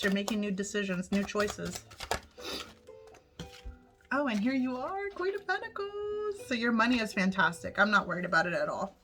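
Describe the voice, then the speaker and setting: A woman's voice: medium pitch, pushed and bright. A woman giving a casual tarot forecast to her viewers, chatty and upbeat, swearing freely as she talks straight to them. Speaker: tarot reader. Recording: music playing under the voice. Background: background music.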